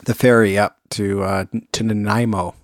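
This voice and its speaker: A man with a fairly low voice co-hosts a casual podcast. He answers in short, laid-back bits. The sound is dry and close to the mic. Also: little pitch movement, moderate pace, no room sound. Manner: brief, laid-back replies. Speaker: podcast co-host.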